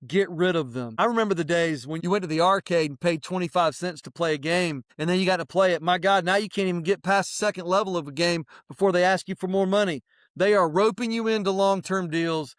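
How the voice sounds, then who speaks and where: Man, high voice, animated, preachy, plain-spoken, dry sound. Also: a little fast, dry recording. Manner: animated, preachy advice-giving; plain-spoken, mild swearing. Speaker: podcast co-host. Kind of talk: casual chat.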